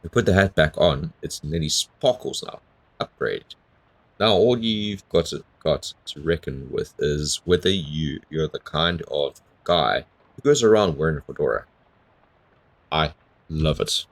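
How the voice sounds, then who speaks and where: A man with an extremely deep, low voice narrates his way through a video game. He reads the on-screen text aloud and drops bemused little comments between lines. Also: expressive, measured pace. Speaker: gamer. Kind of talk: let's play commentary.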